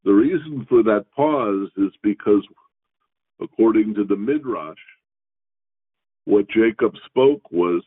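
Male Torah teacher, measured reading with teaching asides, tinny radio broadcast. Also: fairly low pitch, animated, breathy edge. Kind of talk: scripture reading with commentary.

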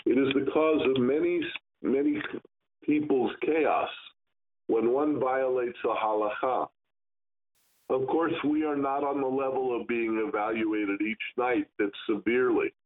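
A man teaching Kabbalah, giving a slow, stern lesson on pronouncing Hebrew letters and stretching words to demonstrate. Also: mid-range voice. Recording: tinny phone-like sound.

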